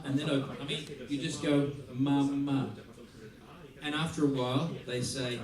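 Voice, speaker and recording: A man teaches a music masterclass, playful and lively, acting out small scenes to make his point. His voice is picked up from a distance in a large, echoey theater hall. The audience is heard around him. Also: mid-range voice, brisk, crowd noise. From Australia. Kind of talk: masterclass talk. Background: audience laughter.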